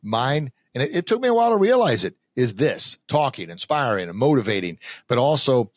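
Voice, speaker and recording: A man, a confidence coach being interviewed on a podcast, talking in an energetic, emphatic, motivational way. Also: medium pitch, a little fast, no echo.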